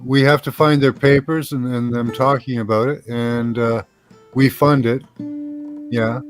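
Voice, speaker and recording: A man's voice: medium pitch, steady tone, unhurried, soft background music. A man hosting a casual group chat, explaining things at length with lots of fillers and restarts.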